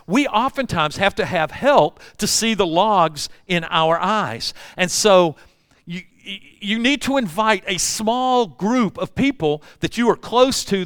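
Older man, folksy sermon storytelling, fairly high pitch, dry recording. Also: a bit bright, clean tone, no room sound. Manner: folksy storytelling with acted-out voices. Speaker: pastor.

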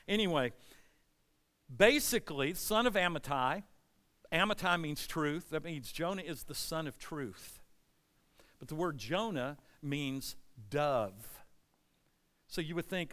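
A man preaching a sermon, reading scripture and acting out the characters' lines with lively energy. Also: a little high, long reverb tail. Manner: animated, acts out Bible characters' lines. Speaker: pastor.

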